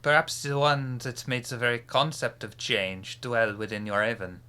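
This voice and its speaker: A courteous, scheming French vampire speaks from under his hood in a rasp, performed by a male game master. The voice is bright and pushes forward, formal and gracious with a sly edge. This is live-streamed tabletop role-play. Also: mid-range voice, flat delivery, moderate pace, lightly acted. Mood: courtly. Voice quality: raspy, put-on French accent. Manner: formal and gracious, ends remarks with a teasing "huh?".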